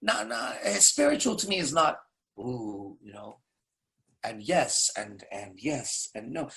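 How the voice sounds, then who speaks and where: A man's voice: medium pitch, sing-song, measured pace, gravelly, bright, forceful tone. A man coaching in a blunt, profane casual monologue, firing off rhetorical questions. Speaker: dating coach.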